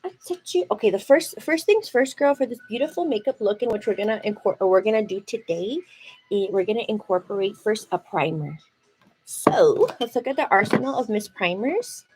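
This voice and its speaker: A woman's voice: medium pitch, expressive, a little fast, slight background noise, poor audio. Chatty woman on a makeup livestream. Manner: chatty, calls viewers girl, frequent likes. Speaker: beauty livestream host. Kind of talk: casual makeup livestream chat. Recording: soft music under voice.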